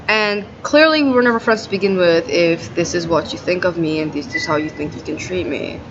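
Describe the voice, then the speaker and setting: Woman recording a diary rant: indignant, swearing, filler-heavy talk, captured on dull lo-fi audio with clear background noise. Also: fairly low pitch, lively intonation, moderate pace, a bit bright. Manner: profane, aggrieved venting, heavy use of "like". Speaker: video diarist. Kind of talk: ranting video diary.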